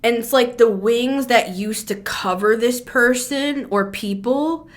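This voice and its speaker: A fairly high-pitched woman speaks slowly through a casual tarot reading, acting as a channeler. She's chatty and doesn't mince words, with plenty of fillers and a bit of swearing.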